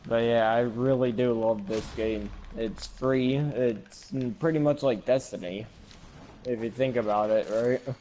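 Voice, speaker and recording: Relaxed male gamer, mid pitch, rambling streamer chat, faint noise behind. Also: measured pace, poor audio. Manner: relaxed, rambling, laughs easily. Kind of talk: casual chat while gaming.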